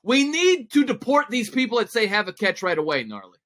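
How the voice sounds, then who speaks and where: A man's voice: high voice, big pitch swings, fairly quick, fairly bright tone. A man talking sports on a radio show with wry, dry humor in casual banter. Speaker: radio co-host guest. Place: radio studio.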